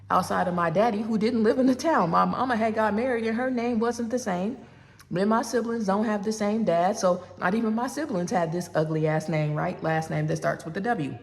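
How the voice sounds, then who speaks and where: A woman in her forties telling a personal story in a casual, animated way. She acts out both sides of a phone call and keeps talking straight to her listeners. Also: medium pitch. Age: 40s. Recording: long reverb.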